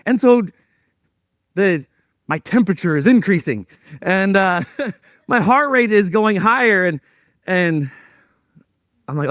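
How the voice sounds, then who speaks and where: A male pastor telling a personal story in a sermon, animated and self-mocking as he acts out his own thoughts. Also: high voice, moderate pace, pauses often, no echo, clean studio sound.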